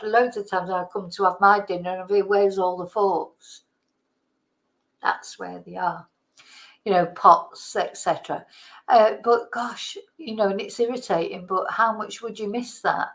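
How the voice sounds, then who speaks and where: A woman's voice: mid-range voice, low-quality recording. A middle-aged woman hosting a casual live chat, rambling and greeting her viewers by name, sounding tired. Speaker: livestream host.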